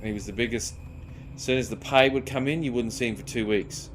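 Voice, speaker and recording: Casting: young Aussie bloke streaming a game, mid-pitched, rambling yarns full of swearing, faint noise behind. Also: male voice, brisk. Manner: rambling, swears often, says "mate" a lot. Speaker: gaming streamer. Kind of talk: casual chat while gaming.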